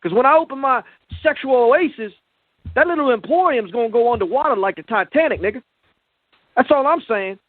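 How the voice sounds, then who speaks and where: A brash, boastful man with a very high voice talks tough in heavy slang. He is calling in over a tinny phone line, and the sound is dry and close with no room around it. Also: lively intonation, brisk, no room sound. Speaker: caller.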